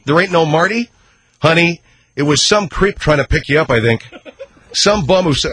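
A man's voice: animated, normal speed, pauses often, fairly bright tone. A man hosting a radio show, reading listener mail aloud with sarcastic asides. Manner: wisecracking, sarcastic, drifts between pitches while reading letters.

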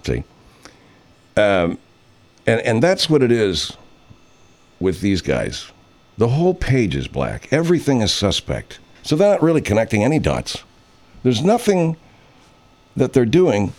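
A man's voice: medium pitch, wildly swooping pitch, measured pace, long pauses, a little mellow. A man over fifty, a radio host, telling a rambling, profane story in casual chat and putting on voices when he quotes people.

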